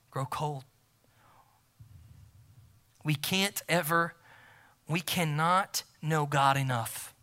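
A man preaching a sermon as pastor, emphatic and repeating key phrases, swinging from loud to near-whisper. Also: fairly high pitch.

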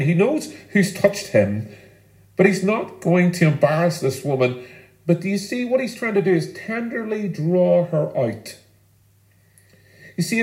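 With a darkish tone and a voice pitched somewhat above the typical man's, this pastor delivers an earnest, emphatic sermon. He leans on pauses for weight, and the audio has a roomy echo.

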